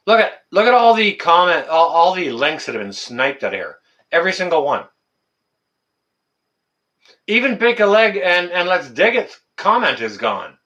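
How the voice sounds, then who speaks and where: Animated, indignant man hosting a livestream. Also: sits high. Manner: animated, talks to chat viewers by name; indignant, rants and repeats phrases. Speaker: livestream host. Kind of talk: casual livestream chat.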